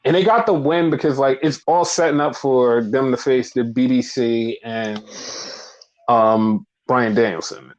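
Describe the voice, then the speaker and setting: A man co-hosting a casual wrestling recap podcast, blunt and profane, talking in an animated, opinionated way. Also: mid-range voice, measured pace. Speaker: podcast co-host. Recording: dull lo-fi podcast audio.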